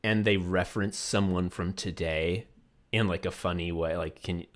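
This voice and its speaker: A man co-hosts a casual comedy podcast, ranting and swearing, putting on mock voices and laughing often as he goes. His voice is low-pitched and steady, at normal speed.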